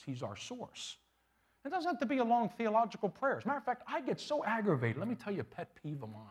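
Lively, husky-voiced preacher. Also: male voice, on the high side. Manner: animated and conversational, with humorous asides. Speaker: pastor. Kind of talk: sermon.

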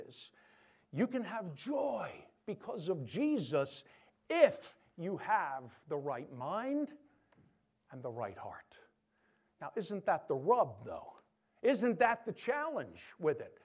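Animated man preaching a sermon. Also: high-pitched, slightly rough. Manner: animated, joking asides to the congregation; acts out Bible figures in voices. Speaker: pastor.

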